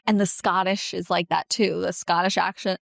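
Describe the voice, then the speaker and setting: Woman podcast co-host, blended New York-Irish-London accent, chatty and quick to laugh, dry close mic. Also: lowish voice, little pitch movement, vocal fry, no room sound. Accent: mixed New York, Irish and London. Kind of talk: casual chat.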